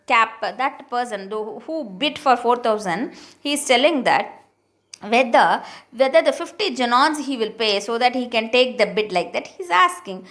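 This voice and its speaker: Woman teacher, higher voice, reads a line then explains it with quick questions. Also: a bit bright. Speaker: English teacher. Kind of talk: explaining a prose text line by line.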